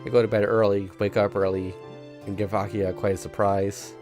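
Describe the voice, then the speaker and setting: A man streaming, reading a visual novel aloud in steady first-person narration and breaking off now and then with chuckling asides. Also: on the low side, normal speed, faint music behind.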